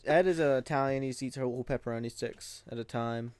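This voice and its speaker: A man's voice: mid-range voice, fast, a little mellow, clear, resonant tone, dry recording. A young man co-hosting a podcast in casual chat, rambling through jokey stories and laughing at his own bits. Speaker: podcast co-host.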